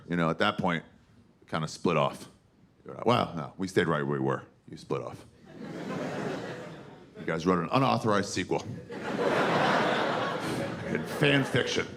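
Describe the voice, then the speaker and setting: Gravelly, irreverent stand-up comedian. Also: male voice, on the low side. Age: 40s. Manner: irreverent, crude, conversational. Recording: loud background noise.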